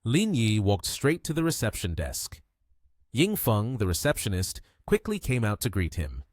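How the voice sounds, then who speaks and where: Male recap narrator, scripted storytelling, lively pitch, dry close recording. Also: moderate pace, no room sound.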